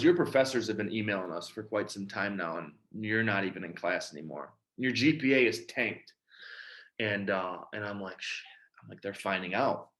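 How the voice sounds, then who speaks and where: A man from Michigan gives a personal testimony about his recovery, telling his story and acting out the quoted dialogue. His voice is lowish with a sharp tone.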